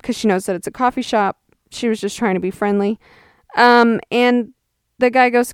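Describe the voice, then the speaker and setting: Woman in her 20s rambling through a funny story, wry and chatty, smooth voice, dry close mic. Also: on the high side, normal speed, no room sound. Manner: chatty, wry, quoting people in exaggerated voices. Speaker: podcast host. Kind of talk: casual storytelling monologue.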